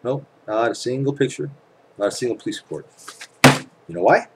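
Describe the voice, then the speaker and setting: A man's voice: medium pitch, expressive, a little fast, very noisy. A man talking to his viewers at home in a casual, emphatic rant, swearing often and firing off rhetorical questions. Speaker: channel host. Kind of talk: casual ranting monologue to camera.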